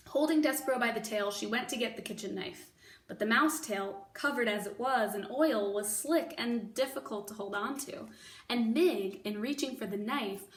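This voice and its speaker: A woman teacher reading a children's novel aloud, expressive and bringing the characters to life with voices. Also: fairly high pitch. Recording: echoey room, mic at a distance.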